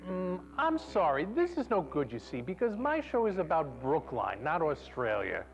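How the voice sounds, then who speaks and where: A woman's voice: sits low, big pitch swings, normal speed, muffled recording, soft background music. A woman host acting bewildered and prim in a comedy sketch.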